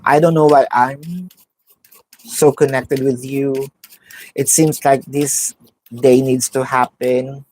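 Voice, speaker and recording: A woman's voice: rumbling low, fairly even intonation, slow, pauses often, a little mellow, rough recording. A woman doing a live tarot reading, musing aloud, naming the cards as she draws them and repeating phrases. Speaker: tarot card reader.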